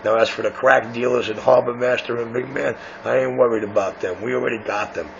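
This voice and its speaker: Over muffled CB radio with faint hiss, a radio shop owner trades banter, bragging and needling rivals in a brash, self-important manner. His mid-range voice is steady and brisk, with some vocal fry.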